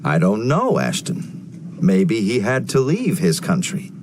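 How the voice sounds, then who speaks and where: An actor playing a calm male history teacher who questions a student in a textbook listening dialogue. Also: on the low side, slow, full character voice. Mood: patient. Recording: textbook audio with background noise.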